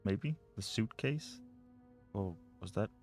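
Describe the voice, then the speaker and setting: A man's voice: on the low side, expressive, slow, a little mellow, soft background music. A man playing a mystery video game, reading notes and letters aloud and muttering over the puzzles. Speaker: let's play gamer.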